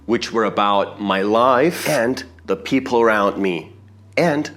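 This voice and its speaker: A man's voice: lowish voice, slow pace, fairly bright tone. A young man whose first language is Persian, an English teacher earnestly telling students how he learned the language. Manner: earnest, explanatory, addresses viewers directly.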